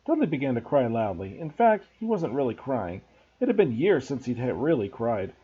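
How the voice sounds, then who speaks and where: A man, a teacher, reading a children's novel aloud to students in an expressive storybook narration. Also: mid-range voice, normal speed, slightly rough, dull audio.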